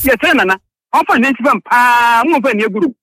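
A man's voice: extremely high pitch, expressive, brisk, pushed and bright, soft background music. A man calling in to a radio sports show, bluntly and emphatically criticizing a coach. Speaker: caller.

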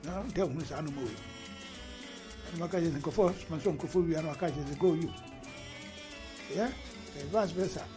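A man's voice: fairly high pitch, moderate pace, pauses often, music in the background. A Ghanaian man giving casual commentary on a video, switching between Twi and English and reading a news report aloud between remarks. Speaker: online commentator.

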